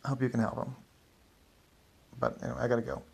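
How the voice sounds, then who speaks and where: Man playing a tired, evasive middle-aged neighbor, gravelly, hesitant. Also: mid-range voice, fairly even intonation, fast, slight background noise. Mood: weary. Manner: rambling, hesitant, many fillers. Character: neighbor man in his forties, weary, evasive.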